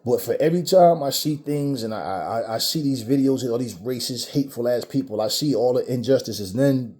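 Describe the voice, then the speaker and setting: A man from the Caribbean vents in a blunt, profane monologue, pressing his points with heavy emphasis. His voice has a mellow, darker tone and sits at an ordinary male pitch. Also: brisk. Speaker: vlogger. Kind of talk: ranting commentary monologue.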